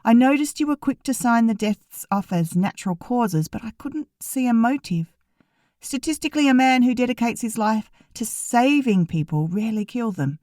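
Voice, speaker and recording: A woman's voice: a little high, animated, normal speed, a little mellow, no room sound, studio quality, voice pushed up, lightly acted. A woman reading an audiobook, voicing a blunt, sassy young woman who fires pointed questions. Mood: pressing.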